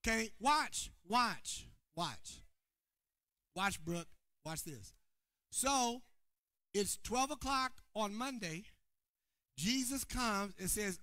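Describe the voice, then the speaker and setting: A man preaching a sermon to his congregation, calling on people by name and swinging between shouted points and quiet asides. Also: sits high, animated, extremely slow, long pauses, no echo, clean studio sound. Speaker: pastor. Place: church sanctuary before a congregation.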